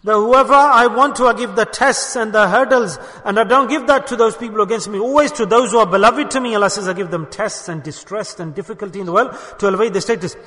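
Male preacher, high and bright, emphatic sermon delivery with sudden hushed drops, long hall echo. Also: fast, few pauses. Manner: emphatic, swings from loud exhortation to hushed asides.

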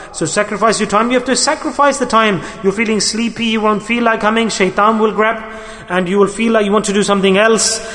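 A man preaching a sermon to a gathering, earnest and exhorting, rising to loud emphasis and dropping to soft asides. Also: sits high. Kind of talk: religious sermon. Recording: long hall reverb.

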